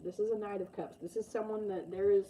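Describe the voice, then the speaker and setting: A woman's voice: mid-range voice, steady tone, quick pace, dark tone, a little hiss or hum, poor audio. A woman giving a casual, rambling tarot reading, full of fillers and the odd swear. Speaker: tarot reader.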